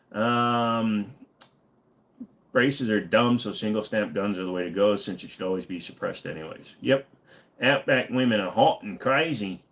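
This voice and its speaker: A man hosting a casual livestream, reading chat aloud and answering in a blunt, profane, ranting way. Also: lowish voice.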